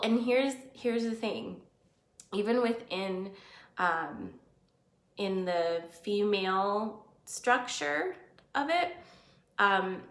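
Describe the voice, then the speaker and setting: Woman, live-stream host, earnest, conversational, mid-pitched, roomy echo. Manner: earnest, conversational, reads out viewer comments. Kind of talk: casual live-stream talk.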